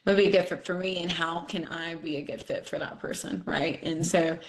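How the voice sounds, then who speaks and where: A woman's voice: lowish voice, fairly even intonation, a little fast. A woman hosting a podcast, speaking in an earnest, encouraging way in casual chat. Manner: earnest, encouraging, talks with fillers like "you know". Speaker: podcast host.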